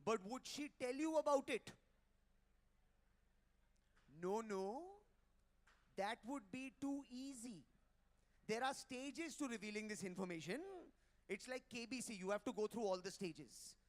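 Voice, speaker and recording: A man's voice: extremely high pitch, normal speed. A man doing live stand-up, brash and teasing as he works the crowd on a handheld mic at a hotel ballroom event. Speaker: stand-up comedian.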